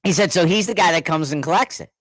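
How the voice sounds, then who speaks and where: A middle-aged man telling a story in casual chat, animated, laughing often and acting out what others said. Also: fairly high pitch, fast talker, no echo. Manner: animated, laughing, repeats words, acts out quotes.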